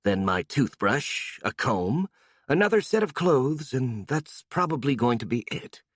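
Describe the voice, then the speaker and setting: A man's voice: mid-range voice, big pitch swings, measured pace, breathy edge, dry recording, clean studio sound, voice pushed up. A man doing a smug monster queen. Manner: smug, then easily surprised.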